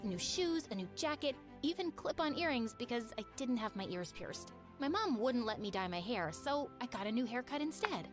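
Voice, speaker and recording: A woman narrating her own story in an expressive, confessional scripted storytime style, with music behind. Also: fairly high pitch, moderate pace, few pauses. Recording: narration over background music.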